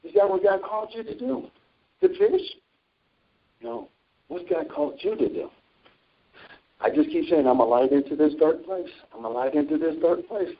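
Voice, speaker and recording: A man with a raised, gravelly voice preaches informally, telling stories from his own life and reading scripture aloud. His delivery swings widely and animatedly in pitch. The recording sounds dull and lo-fi. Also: big pitch swings, normal speed, long pauses. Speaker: Christian talk show host.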